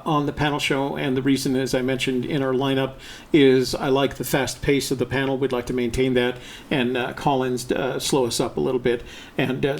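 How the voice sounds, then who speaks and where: Guy co-hosting a live show, gravelly voice, rambly with lots of uh's. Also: medium pitch. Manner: rambling, many fillers and restarts. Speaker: co-host of a treasure-hunt show. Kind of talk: casual live-show chat.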